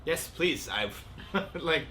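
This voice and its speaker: A man's voice: on the high side, animated, extremely slow, pushed and bright, a little hiss or hum. Midwest guy, chatty composer guest, jokey, voice jumps around a lot. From American Midwest. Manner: joking, playful. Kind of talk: casual livestream chat.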